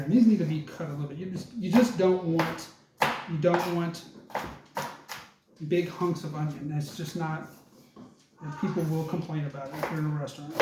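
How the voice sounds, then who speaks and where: A man's voice: a little high, noisy background. A man giving a casual cooking demonstration, chatting to viewers as he chops and preps. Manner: chatty, talks while working, addresses viewers as folks. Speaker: cooking instructor. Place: kitchen. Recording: echoey kitchen with loud clatter.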